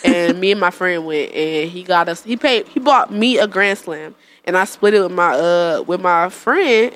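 A young woman from the Detroit suburbs chats casually, laughing often as she tells stories. Her pitch rises and falls widely, and she slips into put-on voices for the people she quotes. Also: lively intonation, moderate pace, hardly any pauses, fairly bright tone. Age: young adult. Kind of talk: casual podcast chat.

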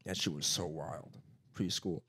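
A young man with a low voice talks at a measured pace over slight background noise. In a casual chat, he tells childhood stories with lots of swearing, doing animated put-on voices as he goes.

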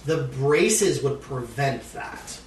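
A man narrating a tabletop game as game master, pausing often with uhs and ums. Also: mid-range voice, animated, distant mic. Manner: halting, full of uh and um. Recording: echoey room, off-mic, faint noise.

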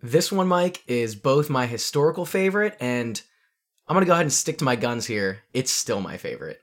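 A man's voice: mid-range voice, big pitch swings, fairly quick. A man co-hosting a music podcast, talking in a laid-back way and laughing easily. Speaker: podcast co-host. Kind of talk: casual music podcast chat.

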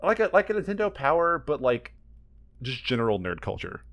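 A man co-hosting a podcast in casual chat, animated and joking, laughing a lot. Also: medium pitch, a little fast, lo-fi sound. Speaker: podcast co-host.

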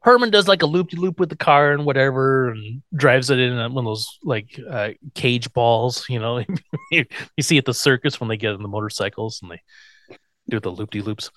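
A man's voice: medium pitch, normal speed, no echo. A man co-hosting a podcast, casually retelling a TV episode and acting out the characters' lines. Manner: animated storyteller, acts out quotes. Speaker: podcast co-host.

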